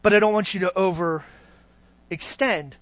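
Male pastor, high bright voice, chatty sermon delivery with frequent call-outs to the congregation, dry close sound. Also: moderate pace, dry recording. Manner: conversational preaching with frequent "Amen?" and "okay?" check-ins.

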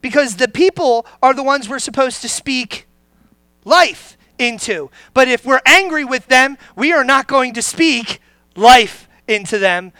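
Pastor preaching slow, asks the crowd stuff, cracks jokes then goes quiet and serious, bright voice. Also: animated, no room sound. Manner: conversational, joking, then drops low and grave; asks the congregation questions. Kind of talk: sermon.

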